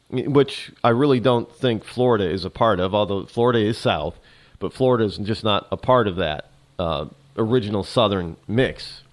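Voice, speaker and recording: A talk show host with a mid-range voice delivers a rambling political commentary monologue, full of halting restarts.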